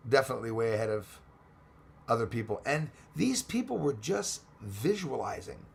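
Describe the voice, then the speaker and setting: A man with a Texan twang hosts a casual live chat, working through viewer comments one after another. His voice carries a gravelly fry, and his talk runs chatty and rambling, with excitable turns. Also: medium pitch, normal speed, slight background noise. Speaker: livestream host reading chat.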